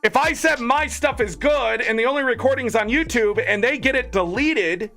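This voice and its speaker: A man streaming games, ranting in casual chat with animated, indignant talk. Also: very high voice, normal speed, soft background music. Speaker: gaming streamer.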